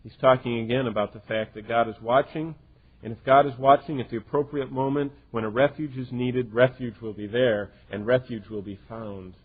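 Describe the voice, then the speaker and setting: A man preaching a sermon with a slightly husky, breathy voice, earnest and swinging from loud emphasis to hushed quiet. The recording is lo-fi and narrow, almost like a phone line. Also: mid-range voice, steady tone, moderate pace. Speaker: pastor.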